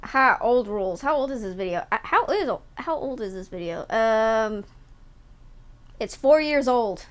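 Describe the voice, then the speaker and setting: A woman's voice: a little high, expressive, measured pace. A woman streamer chatting casually and teasing her viewers while reacting to a video, laughing often. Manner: playful, giggly, teasing.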